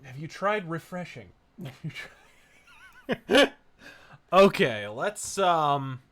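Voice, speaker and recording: A man hosting a casual live game stream, loud and profane, breaking into excited yells while he plays. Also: a little high, takes it slowly. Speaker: stream host.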